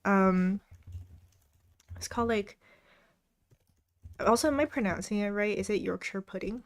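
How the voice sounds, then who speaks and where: A young woman hosts a live study stream from her home desk, chatting casually with viewers at a measured pace in a mid-range voice. She reads their comments aloud and laughs often.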